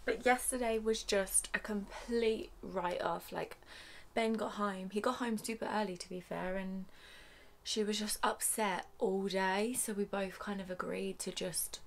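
A woman's voice: mid-range voice, steady tone, a little slow, creaky. A woman chatting casually to camera at home as a vlogger and new mother, laughing often. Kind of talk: casual vlog chat to camera. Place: at home, indoors.

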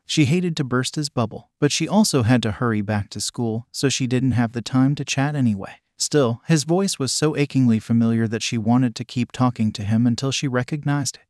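A man narrating a fan story in an even, steady reading voice. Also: medium pitch, fairly quick, hardly any pauses, no echo, clean studio sound.

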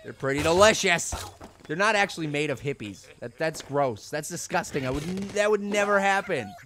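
A young man chatting his way through a game at home, his voice bouncing up and down as he rambles and suddenly yells. He sounds a bit high for a man, and a steady hiss of noise sits behind his home mic. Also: normal speed. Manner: goofy, rambling, bursts into loud yells. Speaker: gaming channel host. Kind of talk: let's play commentary. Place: home room.

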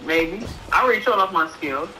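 Casting: young male gamer, playful show-off, very animated voice, noisy background. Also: high voice, a little fast. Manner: playful teasing, showing off. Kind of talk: casual chat while gaming.

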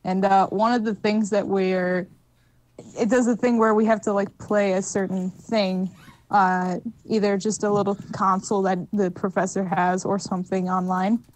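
A woman chatting casually on a gaming stream, jokey and quick to laugh. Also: mid-range voice, level tone, low-quality recording. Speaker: stream co-host.

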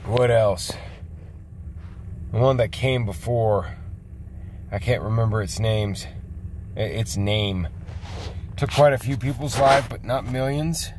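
A man rambling casually in a video blog, reassuring his viewers in a folksy, drawn-out way. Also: mid-range voice, darkish tone, slight background noise. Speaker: vlogger.

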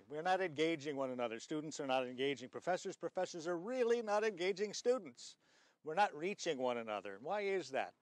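A man's voice: a little high, no room sound. A man giving a conference talk in a conversational way, asking the audience questions. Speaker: conference speaker. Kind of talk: motivational talk.

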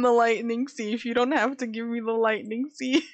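A woman's voice: a little high, fairly even intonation, moderate pace, hardly any pauses, no room sound. A woman streaming live, chatting casually with viewers in a giggly, dramatic way, laughing often.

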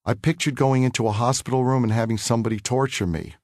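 A man's voice: medium pitch, fairly even intonation, a little mellow, no echo, studio quality. Earnest man reading his memoir. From New York City. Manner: measured, earnest, reflective reading. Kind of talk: audiobook memoir narration.

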